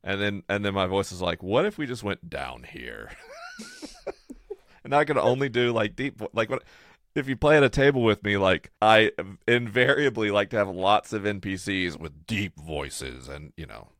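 A young man co-hosting a casual chat, joking with puns and telling animated stories. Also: fairly low pitch, moderate pace, no echo, clean studio sound. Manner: playful, punning, animated storyteller. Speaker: co-host.

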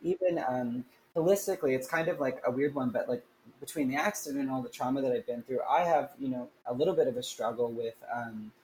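A man's voice: mid-range voice, quick pace, a little mellow, slight background noise, low-quality recording. A man talking as a podcast guest, earnest and rambling, with many fillers and restarts. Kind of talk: casual chat.

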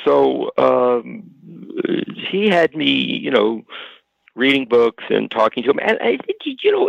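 A man, an author being interviewed, speaking reflectively in a halting way full of restarts and repeated words. The audio is dull and lo-fi, like an old radio broadcast. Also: fairly low pitch, vocal fry, dry recording.

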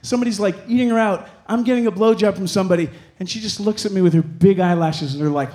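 A man, a sex educator, telling a comic personal story live in a bar, animated and laughing, acting out the voices he quotes. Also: high-pitched, quick pace, a little hiss or hum. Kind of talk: live comedic storytelling to an audience. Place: bar venue with a live audience.

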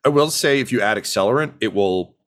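A man's voice: on the low side, animated, fast talker. A man narrating as game master, in a casual, rambling way full of fillers.

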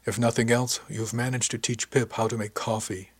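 A man's voice: mid-range voice, flat delivery, normal speed, slightly rough. A man voicing a kindly, formal male ship's cook with polite, precise phrasing. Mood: genial.

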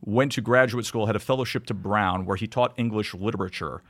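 Casting: middle-aged man, quick emphatic storyteller, dry close mic. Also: fairly low pitch, fairly bright tone, no room sound. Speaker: podcast guest, sports broadcaster. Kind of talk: casual chat.

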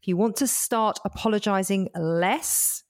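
A woman's voice: medium pitch, measured pace. Woman coach co-hosting, direct and emphatic, runs the segment. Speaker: podcast co-host and coach. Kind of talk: casual chat.

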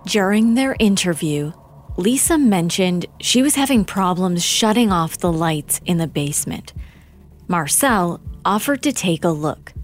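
A woman narrating a true-crime documentary in a measured, grave scripted delivery. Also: fairly low pitch, expressive, soft background music.

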